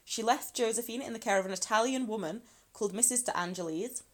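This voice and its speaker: A woman with a fast, somewhat high voice co-hosts a podcast, telling a true crime story in a chatty way. She lives in Scotland, swears freely and laughs often.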